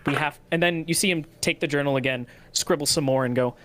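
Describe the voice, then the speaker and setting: A game master narrating a tabletop game in a halting, hesitant way. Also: medium pitch, a bit bright.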